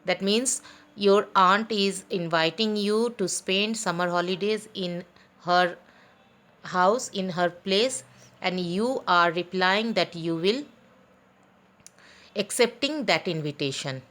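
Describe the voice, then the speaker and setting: A woman teacher leads a recorded lesson for children. She speaks very slowly and deliberately, spelling words letter by letter and pausing often with fillers. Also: medium pitch, fairly bright tone. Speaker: school teacher. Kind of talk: recorded online class.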